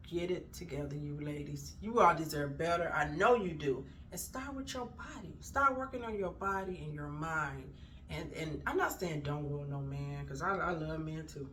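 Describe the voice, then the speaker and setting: A middle-aged woman talks straight to camera in a casual motivational video, emphatic and preachy as she fusses at her audience. Her voice is bright and forward, and faint background noise sits under it. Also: medium pitch. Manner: fussing, emphatic, preachy encouragement.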